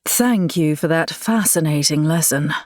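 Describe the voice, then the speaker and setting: A woman's voice: low voice, unhurried, darkish tone, no room sound, clean studio sound. A woman voicing a cold, disdainful young English lord in an audiobook, speaking with cool, mocking sarcasm.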